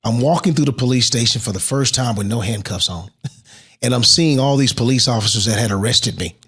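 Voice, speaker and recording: A middle-aged man recounts his story as an interview guest. His voice is husky, his pitch sits in an ordinary middle range, and he swings from excited rises to near-whispered moments. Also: brisk. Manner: animated storyteller who drops to a hush at emotional moments. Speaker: interview guest, motivational speaker.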